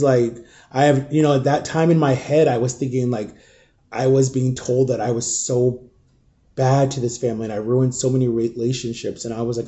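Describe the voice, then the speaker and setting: A grieving man speaks to his viewers in a very dark, mellow voice at an ordinary pitch. He talks in halting, raw bursts and often drops almost to a whisper, sounding shaken. It is an emotional storytime vlog. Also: fairly even intonation. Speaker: vlogger.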